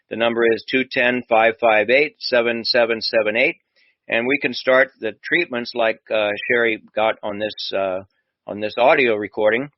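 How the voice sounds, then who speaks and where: A man's voice: mid-range voice, steady tone, normal speed, no room sound, highs cut off. A man, a doctor hosting a radio show, chatting and telling a story while acting out the dialogue. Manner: conversational, acts out dialogue in his stories.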